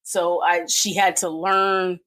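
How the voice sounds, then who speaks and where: A middle-aged woman speaking as a podcast guest, giving an earnest and emotional personal testimony with pauses and fillers. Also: on the low side, flat delivery, a bit bright, rough recording.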